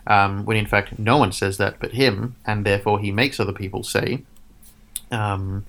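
A man's voice: on the low side, fairly even intonation, moderate pace, vocal fry, a bit bright. A man co-hosting a casual chat, ranting sarcastically and swearing. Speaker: podcast co-host.

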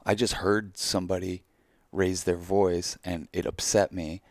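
A man's voice: sits low, level tone, unhurried, no room sound, clean studio sound. A man co-hosting a podcast, talking in a reflective, candid way and swearing casually. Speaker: podcast co-host. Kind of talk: casual chat.

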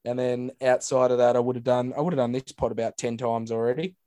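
A man's voice: mid-range voice, flat delivery, fast talker, dark tone, dry recording, clean studio sound. A young Australian man co-hosting a casual sports podcast, laid-back and sweary, calling everyone mate. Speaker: podcast co-host. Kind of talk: casual chat.

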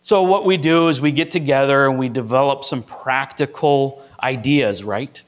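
A middle-aged male pastor giving a sermon in a relaxed, conversational way. He builds his point through a personal story, speaking in a middle pitch and stopping often to ask "right?". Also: normal speed, hardly any pauses.

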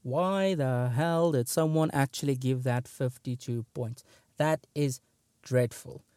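A man's voice: medium pitch, slow, darkish tone, smooth, dry recording. A man hosting a casual comedy show, rating jokes with wry, dry remarks and frequent stammered restarts. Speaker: host. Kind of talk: casual comic commentary on jokes.

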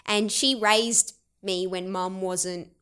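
A young Australian woman in her twenties telling stories in a casual interview. Her voice is smooth and clear, her delivery chatty and animated. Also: medium pitch, takes it slowly. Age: 20s. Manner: chatty and animated, laughs often.

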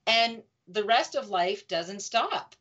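An expressive woman shares warm stories as a guest, her voice rising with feeling and breaking into laughter easily. Her pitch sits in a middle range. The audio is a little dull and lo-fi. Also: takes it slowly. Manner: animated, emotive storytelling, laughs often. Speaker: guest, grief support speaker. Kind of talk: conversational interview.

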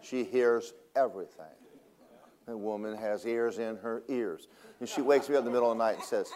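Pastor guy preaching, loud then quiet asides, jokey stories, laughs at himself. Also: lowish voice, brisk. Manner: animated, shifts from loud preaching to hushed asides; humorous storytelling, laughs at own jokes. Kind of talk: sermon.

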